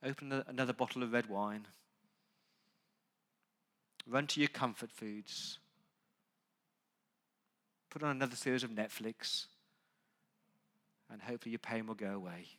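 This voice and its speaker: A man preaching a sermon. He talks straight to the congregation and moves from quiet, conversational asides to loud, urgent emphasis. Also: mid-range voice, a little slow, pauses often. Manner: conversational, asks the congregation direct questions. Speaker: pastor.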